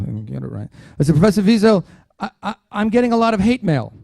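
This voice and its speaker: A man gives a dinner keynote as a lively story, his high voice full of swings in pitch. He acts out the dialogue and drops in jokes as he goes. The sound is close and dry, with no room echo. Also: quick pace, gravelly, few pauses. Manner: animated, acts out dialogue in quotes; humorous asides. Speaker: keynote speaker.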